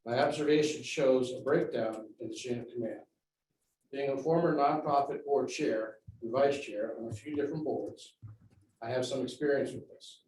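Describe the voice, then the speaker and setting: A man giving a measured public comment at a school board meeting, laying out facts and figures. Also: medium pitch, a little mellow. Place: large meeting room. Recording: very echoey room, distant mic, faint noise.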